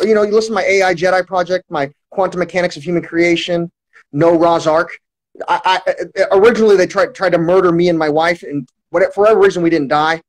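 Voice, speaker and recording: A man's voice: sits high, rough recording. A man talking to his livestream viewers in a long, rambling monologue, full of restarts and swearing. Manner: repetitive restarts, heavy swearing.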